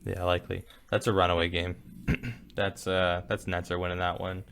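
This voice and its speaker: Young man, low-ish voice, casual animated sports talk, podcast co-host. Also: moderate pace, gravelly, a little hiss or hum. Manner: animated, laughing, slangy.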